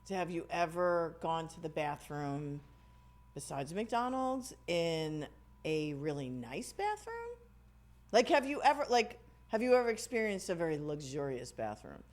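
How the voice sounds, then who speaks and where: A woman co-hosting a podcast, reacting to a story with quick, amused questions in casual chat. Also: deep voice, very animated, darkish tone. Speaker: podcast co-host.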